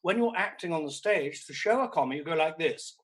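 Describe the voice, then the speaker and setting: A man's voice: on the high side, expressive, a little fast, slightly rough, poor audio. A male comedian playing a vain, self-absorbed aging stage actress, hosting a streamed comedy show from home with camp, theatrical, sweary delivery. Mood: lecturing. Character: vain grande dame actress, middle-aged woman, theatrical and self-absorbed. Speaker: comedian host. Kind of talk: live-streamed character comedy. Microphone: laptop or streaming mic.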